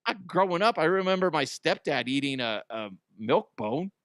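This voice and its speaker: A man's voice: on the high side, expressive, normal speed, a bit bright, dry recording, studio quality. An American man hosting a comedy news show, giving a crude, profane, self-mocking monologue. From United States.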